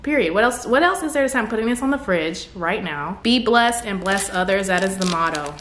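Young woman, excitable vlogger, roomy echo, faint ambient noise. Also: mid-range voice, brisk, few pauses. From North Carolina. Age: young adult. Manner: gushing, excitable, chatty. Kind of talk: casual vlog, opening fan mail. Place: room at home. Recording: echoey room with faint ambience.

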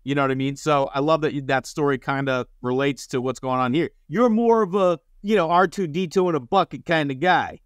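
Higher-voiced man in casual podcast chat. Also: smooth, no echo, clean studio sound. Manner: quick interjecting questioner, self-described passive guy. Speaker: podcast co-host.

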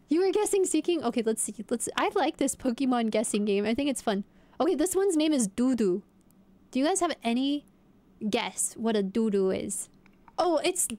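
A woman's voice: fairly high pitch, a little mellow. A young woman streamer chatting casually and playfully, guessing aloud and talking to her viewers. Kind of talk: casual live-stream chat.

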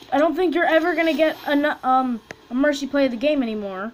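Woman gamer host, high bright voice, excitable, chants and squeals, casual commentary, light background hiss. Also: fast talker, low-quality recording. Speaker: gaming video host. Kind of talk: casual loot box opening commentary.

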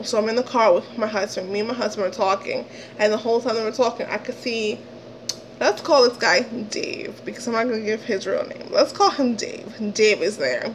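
A young woman from the Dominican Republic tells a storytime rant with rising indignation, cursing freely and dropping her voice low to quote the people involved. Her voice sits a little high for a woman, and a faint background hiss runs under the recording. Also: fairly quick, poor audio. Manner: indignant, swearing, quoting others in lowered voice. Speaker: vlogger.

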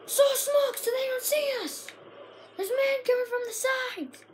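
Very high-voiced woman yelling game commentary. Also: measured pace. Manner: frantic, shouts and yelps at the action. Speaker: gaming video creator. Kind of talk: excited gameplay commentary.

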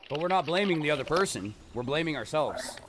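A man's voice: a little high, expressive, brisk. A Canadian man with a Canadian accent giving profane, jokey commentary while playing a game. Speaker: gaming streamer. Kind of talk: casual gameplay commentary. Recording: noisy game audio behind.

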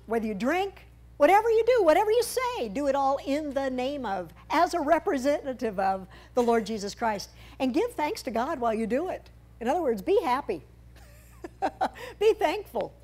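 A woman giving a church talk at an ordinary middle pitch. She speaks in a conversational, good-humored way and drops in playful asides as she walks through her slides. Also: a little mellow. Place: church sanctuary.

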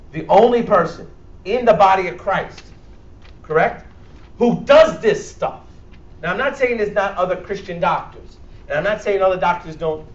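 Bronx-accented doctor, slightly high voice, blunt and joking, recorded far off in an echoey hall. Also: male voice. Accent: Bronx New York. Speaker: doctor leading a church health workshop. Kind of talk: lively workshop talk to a church audience. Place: church hall, speaking to a live audience. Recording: echoey hall, distant and dull.

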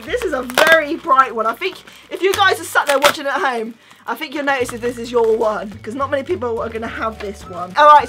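Young woman, high pitch, bright tone, excited unboxing vlog, chatty. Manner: gushing, squealing, chatty. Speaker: YouTuber.

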